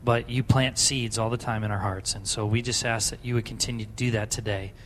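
A man's voice: fairly low pitch, fairly even intonation, brisk, a bit bright, a little hiss or hum. A man leading a congregation in an earnest spoken prayer, repeating simple phrases. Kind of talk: public prayer. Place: church sanctuary.

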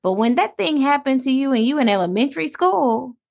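A woman's voice: high voice, big pitch swings, fairly quick, creaky, darkish tone. A woman co-hosting a podcast, speaking in a reflective, emphatic way and laying out her points one by one. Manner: reflective, emphatic, list-like statements. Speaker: podcast co-host. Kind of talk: casual podcast conversation.

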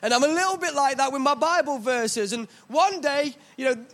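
A young man with a British accent delivers a sermon in a church, talking to the congregation like friends. His voice sits high, and he jokes about himself between serious points. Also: moderate pace, a bit bright. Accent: British English. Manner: chatty, joking, self-deprecating. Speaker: preacher. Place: church stage.

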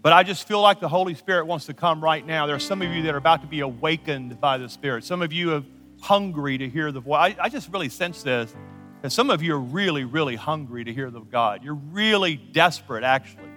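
A bright-voiced man preaches with earnest conviction in a large church auditorium, his words ringing out with a long reverb. He slows down to lead a prayer as soft music plays underneath. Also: fairly high pitch. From United States. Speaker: guest pastor. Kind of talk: sermon.

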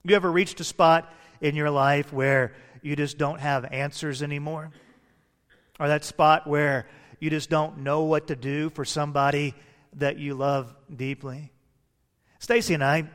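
A man's voice: fairly high pitch, fairly even intonation, measured pace, a bit bright. A man preaching a sermon as a pastor, telling stories with humor and shifting his pace. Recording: long reverb of a large hall.

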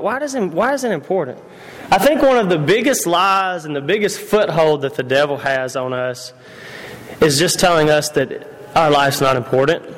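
A man's voice: on the high side, fairly bright tone. A man preaching a conversational sermon, repeating himself and putting questions to his congregation. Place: church hall. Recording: long reverb of a church hall.

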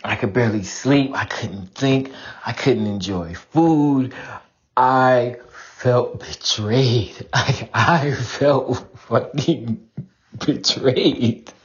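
A man's voice: medium pitch, drawn-out words, muffled recording. A man giving an emotional, profane confessional monologue, near tears, laughing through his distress and dropping to whispers between outbursts.

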